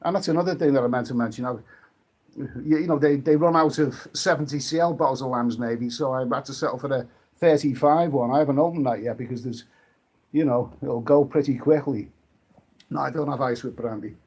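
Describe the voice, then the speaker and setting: A man's voice: mid-range voice, fairly quick, darkish tone, slightly rough. A British man hosting a casual late-night live stream, rambling and chatty, often restarting his sentences and reading viewer comments.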